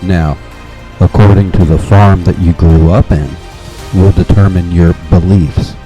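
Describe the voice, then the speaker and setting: Male podcast host, low and very mellow, rambling delivery, faint music under him. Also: steady tone, measured pace, lo-fi sound. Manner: rambling, with restarts and nervous laughs. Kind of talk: casual monologue.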